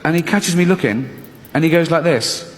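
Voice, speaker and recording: A man performing a stand-up routine, animated and acting out his inner voices in shifting tones. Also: fairly high pitch, normal speed. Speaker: stand-up comedian. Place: comedy stage. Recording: large hall with audience laughter.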